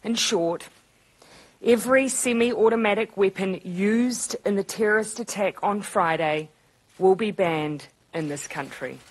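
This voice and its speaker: Husky New woman making a formal announcement. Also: mid-range voice, rough recording. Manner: measured, deliberate announcement. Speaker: head of government. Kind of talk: formal prepared statement.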